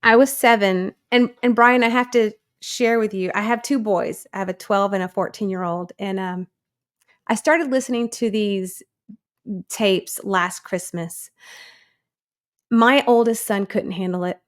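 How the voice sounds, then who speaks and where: A woman's voice: medium pitch, measured pace. A woman in her thirties, a guest in an interview, telling her own story earnestly and acting out the people she quotes. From United States.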